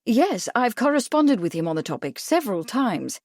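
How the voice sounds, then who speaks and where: A woman doing a calm gentleman scientist. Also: fairly high pitch, moderate pace, no echo.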